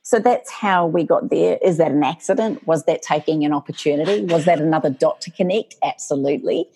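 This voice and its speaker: A middle-aged woman telling her story as an interview guest, lively and animated, acting out quotes. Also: sits low, fairly quick, breathy edge. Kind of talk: storytelling in casual chat.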